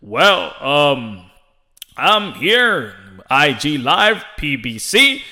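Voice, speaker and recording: A man impersonating a formal male boxing interviewer who talks in a drawn-out announcer voice even in private. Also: exaggerated voice. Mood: stiff, announcing. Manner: deep, drawn-out announcer delivery.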